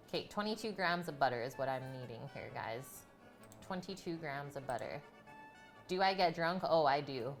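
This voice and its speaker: A woman's voice: sits low, lively intonation, normal speed, faint music behind. A woman hosting a live cooking stream, chatting and giggling with her viewers from her home kitchen. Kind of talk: casual live-stream chat while cooking.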